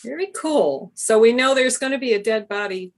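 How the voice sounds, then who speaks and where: An easygoing woman moderates an author event over a video call. She asks relaxed questions and keeps up a steady stream of brief backchannels. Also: fairly high pitch, normal speed. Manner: easygoing, laughs along, short backchannels. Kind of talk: interview questions.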